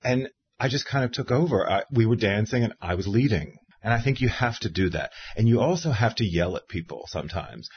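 A man's voice: on the low side, a little fast, few pauses, husky, highs cut off. A man in his fifties, an interviewer and author, telling stories in casual conversation and mimicking the people he quotes. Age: 50s. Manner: animated storyteller who mimics people he quotes.

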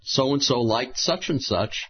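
A man's voice: medium pitch, lively intonation, slow, breathy edge, dull audio. A man, a longtime interviewer, talking in casual conversation and asking thoughtful, long questions.

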